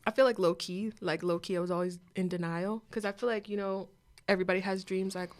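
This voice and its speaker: A woman's voice: mid-range voice, fairly even intonation, fast talker. A young woman as an interview guest, telling her story candidly and animatedly, acting out other people's voices as she goes.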